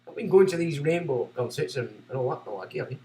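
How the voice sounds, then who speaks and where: Ranting man, high voice. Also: expressive, quick pace, far from the mic, slight background noise. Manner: ranting, sarcastic, swinging between loud and muttered. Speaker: livestream host. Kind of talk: casual livestream monologue, reading chat. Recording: echoey room.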